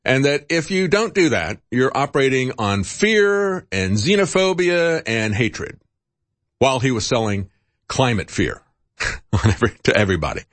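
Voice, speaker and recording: A man hosting a political commentary show, talking in an animated, indignant and sarcastic way. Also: mid-range voice, moderate pace, no room sound. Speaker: radio host.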